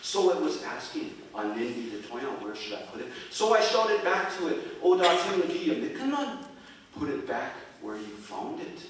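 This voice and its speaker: A man's voice: mid-range voice, very animated, moderate pace, few pauses, slight background noise, lightly acted. Man voicing an old grandfather, wise and teasing, patient, very echoey hall, distant mic. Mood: solemn.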